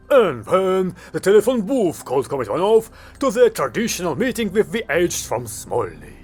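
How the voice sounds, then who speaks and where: A man's voice: fairly high pitch, big pitch swings, moderate pace, darkish tone. A man narrating a comic audiobook in a wry storytelling manner over faint music.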